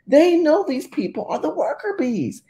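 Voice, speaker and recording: A woman's voice: high-pitched, moderate pace. A woman from California giving emphatic, rambling political commentary. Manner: emphatic, rambling, animated delivery.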